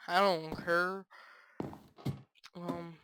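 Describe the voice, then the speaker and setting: A woman's voice: on the low side, fairly even intonation, very slow, noisy background. A woman giving casual game commentary, telling a rambling, aggrieved story full of fillers. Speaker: gaming channel creator.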